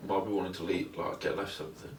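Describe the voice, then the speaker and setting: A man's voice: sits low, level tone, fast talker. A man co-hosting a podcast, chatting casually with short, laid-back replies. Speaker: podcast co-host. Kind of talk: casual chat. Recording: roomy, distant mic with faint noise.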